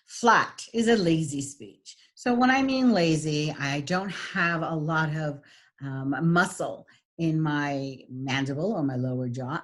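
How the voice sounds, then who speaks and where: A woman's voice: low-pitched, slow pace. A woman teaching an online lesson on voice qualities, speaking with many ums and exaggerating sounds to demonstrate them. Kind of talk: online lecture with screen share.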